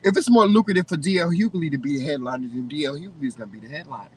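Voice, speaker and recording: A man co-hosting a casual chat, giving opinions in an animated way and often restarting his sentences. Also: a little high, very fast, slightly rough, distant mic, rough recording. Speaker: co-host.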